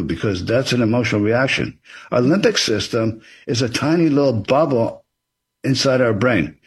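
A man's voice: mid-range voice, lively intonation, moderate pace, slightly rough. A man being interviewed as an author, explaining things in an earnest, advisory way. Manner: earnest and advisory, acts out example dialogue.

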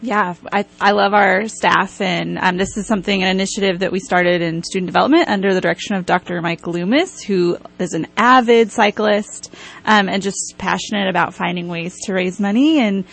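A woman's voice: mid-range voice, steady tone, normal speed, vocal fry, fairly bright tone. Earnest woman radio guest. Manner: earnest, uses fillers. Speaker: university staff guest. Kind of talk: radio interview.

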